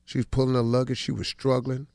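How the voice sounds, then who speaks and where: A middle-aged man hosting a radio show, telling a story in a relaxed, colloquial way during casual morning chat. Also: medium pitch, fast, dry recording, studio quality.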